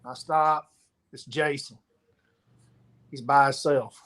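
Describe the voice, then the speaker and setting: A man's voice: medium pitch, takes it slowly. A man, a professional angler, telling a story in casual chat and acting out the dialogue as he goes. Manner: animated storyteller, acts out quoted dialogue. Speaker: pro angler guest.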